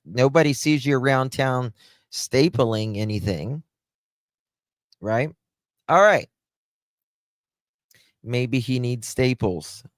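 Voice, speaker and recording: A man speaks slowly at a medium pitch, with no room sound. He hosts a casual livestream, chatting with viewers and greeting them by name, and he often trails off and starts his sentences over.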